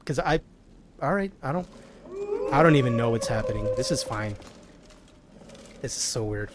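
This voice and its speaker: A young man, streaming a video game in an animated, jokey way. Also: a little high, a little hiss or hum. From American South. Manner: animated, jokey, quick exclamations. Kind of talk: casual gaming commentary.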